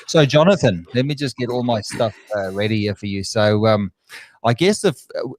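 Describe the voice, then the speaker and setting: A man's voice: mid-range voice, animated, normal speed. An Australian man hosting a live online Q&A, chatting casually with lots of fillers and restarts. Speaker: show host.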